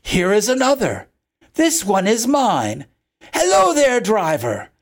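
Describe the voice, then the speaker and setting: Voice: mid-range voice, sing-song, measured pace, husky, heavily acted. A reader voicing a kind, strong grown man. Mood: urgent. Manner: gentle and reassuring, then urgent calling. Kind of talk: storybook reading.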